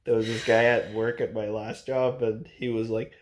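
A man's voice: medium pitch, a little slow, slight background noise. A young man with a Canadian accent, chatting casually and telling funny stories for his vlog. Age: young adult. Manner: joking, animated storyteller. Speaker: vlogger. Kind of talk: casual chat.

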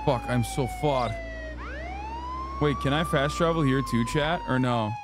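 A man streaming a game, giving casual commentary in a profane, excitable way. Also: medium pitch, measured pace, heavy background noise.

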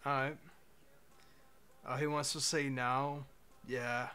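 Young streamer dude chatting loose, laughs a lot, curses, gets impatient with the bot. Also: male voice, mid-range voice, flat delivery, slow pace, bright, forceful tone, clear, resonant tone. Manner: laid-back, laughing, swearing, impatient with the bot. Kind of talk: casual livestream chat.

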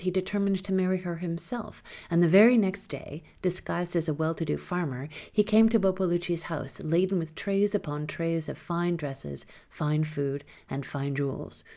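A woman reading a folktale aloud in a lilting, expressive storytelling manner. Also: low-pitched, moderate pace.

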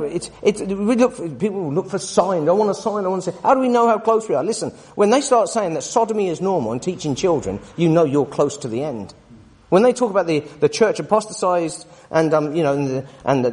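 Forties teacher, emphatic preaching, husky and high-pitched, echoing hall. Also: male voice, a little mellow. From United Kingdom. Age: 40s. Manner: emphatic, tag questions to listeners. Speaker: Bible teacher. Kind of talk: sermon-style Bible study. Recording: long reverb of a hall.

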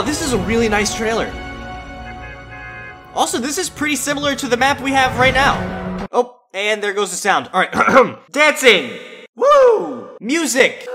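A gaming YouTuber giving excited reaction commentary, chatty and reminiscing, bursting into shouts and exclamations. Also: medium pitch.

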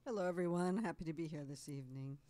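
A woman from New Jersey with a Jersey accent, a guest co-host who is playful and quick-witted. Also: sits low, dark tone, no echo.

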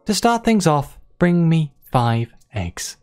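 A game player voicing a gentle, motherly giant female creature queen from a video game, reading her lines with a cooing, doting manner. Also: medium pitch, very animated, slow, clean tone, soft background music, voice pushed up. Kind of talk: reading game dialogue aloud.

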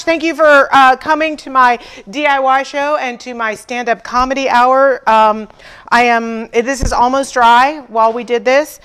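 A woman hosts a furniture painting livestream, chatting casually with viewers and telling stories full of acted-out dialogue and self-deprecating humor. Her voice sits fairly high, with a slightly bright, clean tone.

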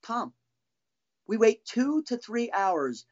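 A man's voice: very high-pitched, big pitch swings, slow, lo-fi sound. A middle-aged man, a former band drummer, telling heated, profane stories as a podcast guest. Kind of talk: casual storytelling.

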